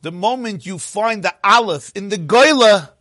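A man teaching a sermon, telling stories in an animated way that climbs to emotional peaks. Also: sits high, moderate pace, dry recording, clean studio sound. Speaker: rabbi.

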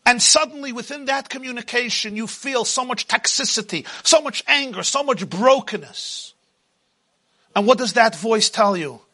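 A man teaching a religious class in an impassioned, dramatic way, swinging from loud to hushed. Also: extremely high pitch, lively intonation, moderate pace.

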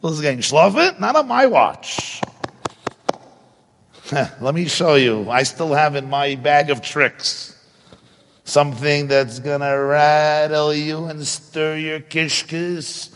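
A man voicing a mocking male God who shouts down a plea for rest. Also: on the high side, slow. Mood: taunting. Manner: taunting, shouted. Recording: long hall reverb.

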